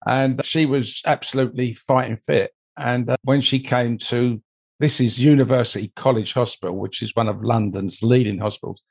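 An older man talks through a long personal anecdote in a conversational, meandering way, dropping in "you know" as he goes. His voice sits at an ordinary middle pitch for a man. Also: fairly even intonation, normal speed, vocal fry, darkish tone. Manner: rambling, anecdotal, frequent "you know" asides. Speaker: interview guest, mold investigator. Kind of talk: conversational storytelling.

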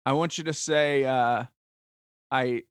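A man's voice: medium pitch, steady tone, takes it slowly, clear, resonant tone, dry recording, clean studio sound. A man playing along as a guest on a podcast quiz, joking in an easygoing way and laughing often. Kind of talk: casual podcast chat.

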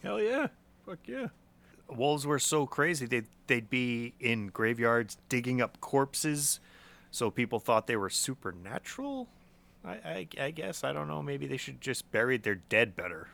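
A man's voice: medium pitch, very animated, a little slow, gravelly, fairly bright tone. A young man co-hosting a podcast in casual chat, joking, laughing often and stumbling over repeated words. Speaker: podcast co-host.

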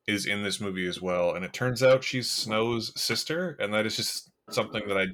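Male co-host, lower voice, loose and meandering film chatter. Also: normal speed, a bit bright. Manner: rambling, filler-heavy, amused. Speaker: podcast co-host. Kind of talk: casual movie review chat.

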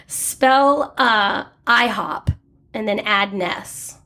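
A woman in her forties co-hosting a chatty show, telling stories and acting out everyone's quotes with lively energy. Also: mid-range voice, very slow. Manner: animated storyteller, acts out quotes. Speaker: radio co-host. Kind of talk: casual chat with a read ad.

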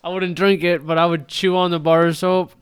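Man, high voice, smooth, crude podcast banter, laughing, teasing. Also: flat delivery. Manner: laughing, teasing, fast storytelling. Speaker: podcast co-host.

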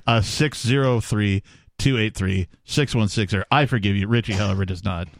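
A man's voice: lowish voice, a little fast, no room sound. Guy hosting talk radio, laid back, lots of you know and uh, dry mic. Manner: conversational, drawls with fillers. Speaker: radio talk show host. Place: radio studio.

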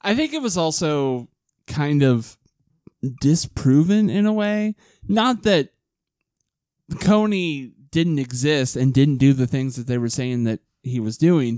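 Slow easygoing man, dry podcast sound. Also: fairly high pitch, warm tone, no echo. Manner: unhurried, filler-heavy, swears casually. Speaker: podcast co-host. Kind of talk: casual chat.

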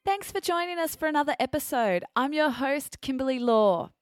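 A woman's voice: high voice, animated, moderate pace, music in the background. A woman with an Australian accent hosting a podcast for English learners, chatty and self-correcting as she carefully explains words. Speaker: podcast host.

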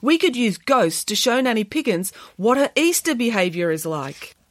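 Practical boy, read by a woman; matter-of-fact, lively pitch. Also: normal speed, no room sound. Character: young boy, practical schemer.

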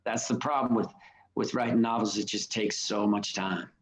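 A man's voice: lowish voice, fairly even intonation, moderate pace, poor audio. A middle-aged man, a novelist and songwriter, talking casually in an interview, rambling and frank, swearing often and restarting his sentences.

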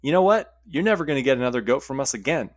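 A man's voice: mid-range voice, expressive, quick pace, no echo, studio quality, lightly acted. A man voicing a stubborn young village girl who speaks in defiant, indignant outbursts.

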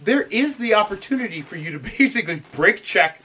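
Animated, bright-voiced man chatting profanely. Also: sits high, brisk, breathy edge. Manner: profane, laughs a lot, animated storytelling. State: dry mouth. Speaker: podcast host. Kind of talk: casual conspiracy podcast chat.

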